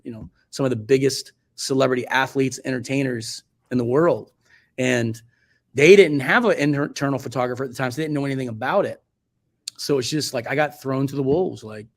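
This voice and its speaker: A man in his forties, a photographer being interviewed, telling stories in a loose, rambling way full of fillers and self-corrections. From Virginia Beach, United States. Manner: acts out quoted speech in a much higher voice. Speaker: guest photographer. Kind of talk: casual interview storytelling.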